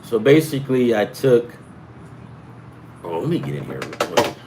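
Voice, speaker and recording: A man's voice: medium pitch, big pitch swings, moderate pace, a little mellow, slight background noise, poor audio. A middle-aged man hosting a sports betting talk, rambling and profane, jumping from topic to topic. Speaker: sports betting show host. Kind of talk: rambling casual chat.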